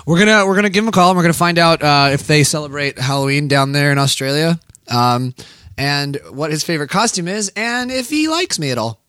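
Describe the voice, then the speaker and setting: A young American man co-hosting a comedy talk show, teasing his guest in excitable, jokey banter. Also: a little high, fairly quick, clean tone, dry recording, studio quality. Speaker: radio show co-host.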